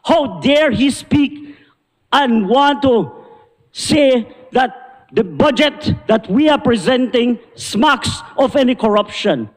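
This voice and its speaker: A man's voice: very high-pitched, expressive, slow pace. A man with a Belizean accent, a member of parliament giving an indignant, combative debate speech. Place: parliament chamber. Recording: long reverb of a large chamber.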